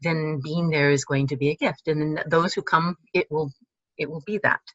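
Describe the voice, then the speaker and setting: A woman speaks as an interview guest, musing aloud in halting phrases that often trail off and restart. The sound is dull and dry, as if from a video call. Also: sits low, fairly even intonation, dry recording. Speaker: guest, teacher. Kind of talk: casual conversational interview.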